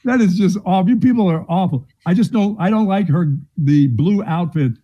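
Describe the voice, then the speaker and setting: Male sports radio co-host, wry and teasing, mellow tone. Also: high voice, moderate pace, lo-fi sound. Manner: wry, teasing, mock-offended. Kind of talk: sports talk radio banter.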